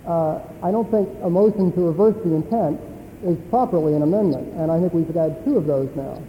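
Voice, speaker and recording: Delegate: higher-voiced man, hesitant point of order, tinny phone-like sound in an echoey hall. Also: fairly quick, slight background noise. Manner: hesitant, filler-heavy argument. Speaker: teaching elder raising a point of order. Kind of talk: floor debate. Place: large assembly hall.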